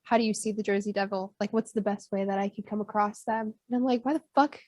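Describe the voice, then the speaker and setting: A woman's voice: medium pitch, little pitch movement, fast talker, darkish tone, no room sound. A woman from the Sioux Falls area co-hosting a podcast, rambling in casual chat with many "like"s. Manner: rambling, lots of likes. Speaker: co-host.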